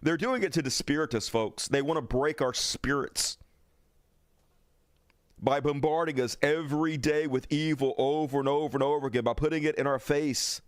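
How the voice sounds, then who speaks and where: Male host for a political rant stream; fiery, crude, sarcastic, a touch high-pitched. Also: moderate pace, no echo, clean studio sound. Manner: angry, profane, sarcastic. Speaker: livestream host.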